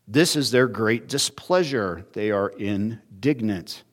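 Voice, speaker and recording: A man preaching an expository sermon, earnest, his voice rising and quickening when he acts out quoted speakers. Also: fairly low pitch. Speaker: pastor.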